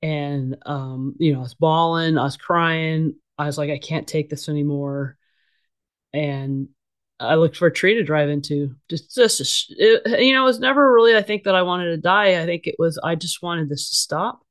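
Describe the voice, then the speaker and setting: A woman's voice: deep voice, normal speed. A middle-aged woman talking candidly as an interview guest. She is blunt and casual, with frequent fillers and restarts. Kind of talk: candid conversational storytelling.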